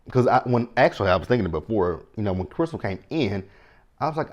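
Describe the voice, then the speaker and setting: Chatty low-voiced man. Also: fast. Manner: chatty and animated, talks to viewers directly. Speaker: TV show recap host. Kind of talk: casual episode recap.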